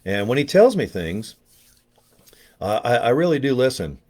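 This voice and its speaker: A man's voice: mid-range voice, sing-song, moderate pace, darkish tone. An older man talking in a casual, rambling vlog, joking and chatty with a self-deprecating streak. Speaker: network marketing promoter.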